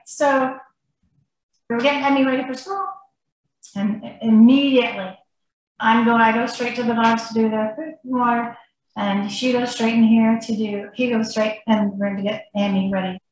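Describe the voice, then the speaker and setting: Animated storytelling woman, echoey room. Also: on the high side, normal speed. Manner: animated, acts out what people said. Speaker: interview guest. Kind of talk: personal storytelling.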